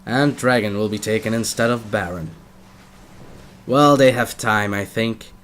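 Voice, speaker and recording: A man's voice: fairly low pitch, a little slow, fairly bright tone, slight background noise. A young man casting a ranked online game match with play-by-play commentary, joking asides and sentences that trail off. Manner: playful, jokey asides, trails off mid-sentence. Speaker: game caster. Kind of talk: live esports play-by-play commentary.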